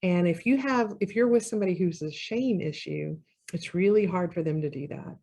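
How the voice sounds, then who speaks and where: A woman's voice: on the low side, moderate pace, vocal fry. A woman therapist giving a conversational talk on relationships, now and then acting out what partners say. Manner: conversational, acts out quoted partners with lively shifts. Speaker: marriage therapist. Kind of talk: educational talk to camera.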